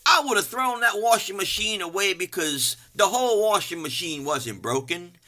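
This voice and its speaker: Older guy preaching, folksy and loud, fairly high bright voice, jokes on himself. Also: moderate pace. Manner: animated, folksy, self-mocking, swings from loud to hushed. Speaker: pastor. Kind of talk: energetic folksy sermon.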